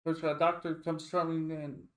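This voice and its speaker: A man's voice: on the high side, flat delivery, moderate pace. Man reading a game story aloud. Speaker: streamer.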